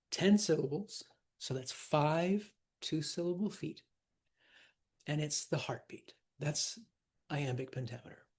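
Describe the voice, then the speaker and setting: A man's voice: fairly high pitch, animated, unhurried, darkish tone, husky. A man teaching a lesson on verse scansion, chatty and demonstrative, sounding out rhythms aloud.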